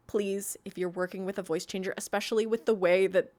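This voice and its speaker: A woman's voice: mid-range voice, steady tone, fairly quick, hardly any pauses, a little mellow. A woman talks through advice for a roleplay group in a loose, conversational way. She rambles, leans on fillers, and laughs lightly as she goes, like an admin teaching her community. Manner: chatty, rambling, many fillers and frequent laughs. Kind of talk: casual instructional talk.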